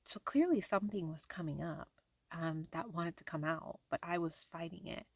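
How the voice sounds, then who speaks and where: A young woman talking softly and hesitantly in a personal diary vlog, with many fillers and restarts. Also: lowish voice, dry recording. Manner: soft-spoken, hesitant, lots of fillers and restarts. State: tearful at times. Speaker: vlogger.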